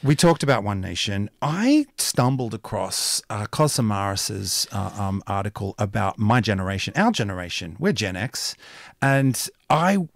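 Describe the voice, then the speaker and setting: Animated man in his fifties. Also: fairly low pitch, normal speed, gravelly, no echo, clean studio sound. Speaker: co-host. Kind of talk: casual political discussion.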